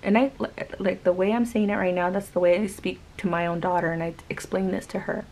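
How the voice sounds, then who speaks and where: A woman's voice: fairly low pitch, steady tone, a little fast, darkish tone, a little hiss or hum, poor audio. A woman vlogger and mother telling a story in casual chat, rambling with many fillers.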